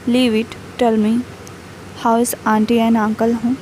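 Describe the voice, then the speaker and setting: A woman's voice: a little high, monotone, a little slow, mellow, a little hiss or hum, lightly acted, poor audio. A woman reading a cocky teen mafia son.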